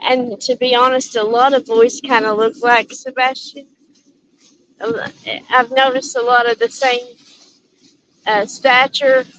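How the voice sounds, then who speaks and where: A woman's voice: on the high side, little pitch movement, unhurried, long pauses, a bit bright, slight background noise, rough recording. A woman chatting casually with live viewers from her car, rambling and breaking off with laughs, a little out of breath. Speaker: channel host. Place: in a car while driving. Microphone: headphones with mic.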